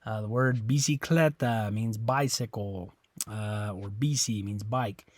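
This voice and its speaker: A man with a fairly low, fairly even voice teaches Spanish at an unhurried pace in a recorded classroom lesson. He's informal, repeats words, corrects himself, and ends phrases with "okay?", with no room sound.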